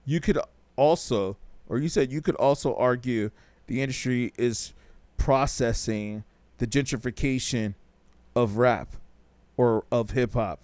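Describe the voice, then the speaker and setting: A man's voice: mid-range voice, unhurried, a little mellow, no echo. A man hosting a casual live-stream talk show, reading chat comments aloud, loose and joking, with slang and lots of repeats.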